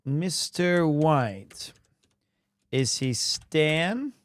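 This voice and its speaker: A man's voice: on the high side, animated, very slow, dry recording. A man streaming a game live, commenting playfully and animatedly as he plays.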